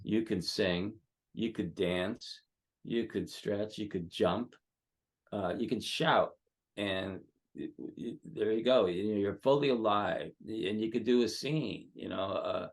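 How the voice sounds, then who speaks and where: A headshot photographer appears as a guest in an online seminar, offering rambling, halting advice packed with filler words. His voice sits fairly low and has a creaky quality.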